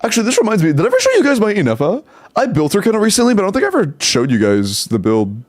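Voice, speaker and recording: A man's voice: high-pitched, huge pitch swings, rapid-fire. A young man live-streaming, chatting casually, rattling off game stats and laughing often.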